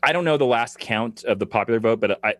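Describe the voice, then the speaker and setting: A male guest talks through his opinions emphatically, stacking asides as he goes. His voice sits at an ordinary pitch, and the recording is dry and close. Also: fast talker, fairly bright tone, no room sound. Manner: emphatic, lecturing, full of asides. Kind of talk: casual chat.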